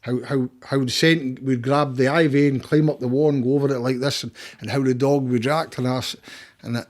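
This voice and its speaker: A man's voice: mid-range voice, fairly even intonation, fairly quick. A man with a Scottish accent, a podcast guest, telling a long rambling story in casual talk, repeating words and swearing freely.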